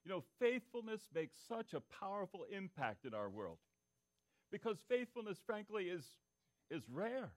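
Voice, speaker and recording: Pastor preaching, voice pitched fairly high. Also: male voice, big pitch swings, normal speed. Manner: interactive, asks the congregation for answers; repeats key phrases for emphasis. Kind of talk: sermon.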